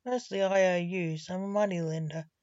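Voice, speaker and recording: A woman's voice: on the low side, steady tone, normal speed, a little mellow, no room sound, lightly acted. Woman reading a male money lender. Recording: dull, dry lo-fi audio.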